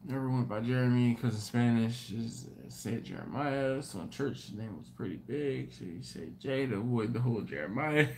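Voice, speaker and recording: A man hosting a live stream, telling a story in an animated, rambling way with many restarts. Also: mid-range voice, normal speed, hardly any pauses, a little hiss or hum. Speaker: host. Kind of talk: casual live-stream chat.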